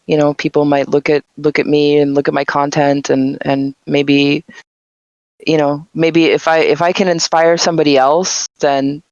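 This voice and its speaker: A relaxed woman in her thirties talks in an easygoing, unhurried way as an interview guest. Her voice is smooth and clear, but the mic sounds muffled and lo-fi. The room sounds dry and close. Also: sits low, no room sound. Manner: laid-back, laughs often. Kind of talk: casual live-stream interview. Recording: dull, muffled lo-fi mic audio.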